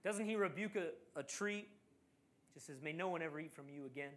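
A man delivers a sermon, animatedly recounting a Bible story and performing the voices of its characters. His pitch sits on the high side and he speaks a little fast.

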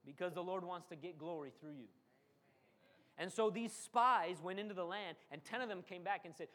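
A man with a high-pitched, fairly bright voice preaches at a moderate pace, dramatic and repetitive throughout. When he quotes people, he briefly acts out their voices, and he repeats phrases for emphasis.

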